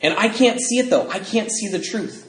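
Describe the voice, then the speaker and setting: A middle-aged man speaks at a recovery convention, telling his story in a lively, joking way and acting out the lines of the people in it. His voice sits a little high. The recording picks up the roomy echo of the hall along with a faint background hum. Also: normal speed. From United States. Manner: animated, jokey storyteller who acts out quotes in loud voices. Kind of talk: personal recovery talk.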